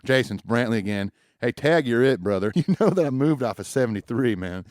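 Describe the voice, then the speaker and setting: A man's voice: medium pitch, expressive, a little fast, background noise, close to an everyday voice. A man playing an easygoing man leaving casual phone messages. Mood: breezy. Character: laid-back grown man returning phone calls.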